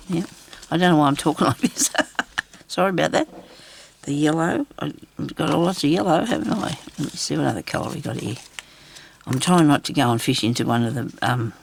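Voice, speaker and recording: A woman's voice: low voice, vocal fry, slight background noise. A woman with an Australian accent giving a casual craft tutorial at her craft table. She rambles and mutters to herself while she works. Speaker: craft video host.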